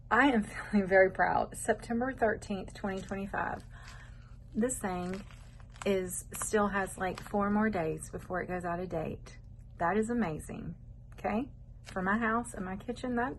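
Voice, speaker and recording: A woman's voice: medium pitch, a little hiss or hum, poor audio. A middle-aged woman, chatting casually and rambling off topic as she cooks in her home kitchen. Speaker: home cooking vlogger. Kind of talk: casual cooking chat.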